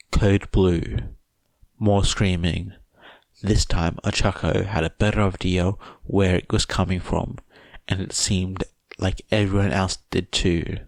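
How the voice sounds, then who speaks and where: A man reading fan fiction aloud as a podfic narrator, in a measured, even way. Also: deep voice, creaky, dry recording. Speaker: podfic reader.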